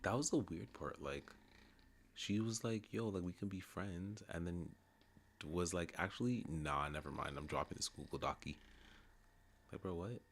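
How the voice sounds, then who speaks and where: A man's voice: sits low, normal speed, fairly bright tone, a little hiss or hum. A man co-hosting a livestream, chiming in with laid-back slangy comments in casual chat. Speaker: streamer co-host.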